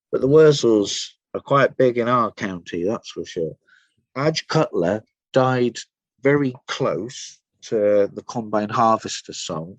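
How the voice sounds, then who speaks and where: A man from Somerset, England, a musician guesting on a podcast, has a medium-pitched voice captured in a dry recording. He chats casually, telling rambling, eager stories with plenty of fillers.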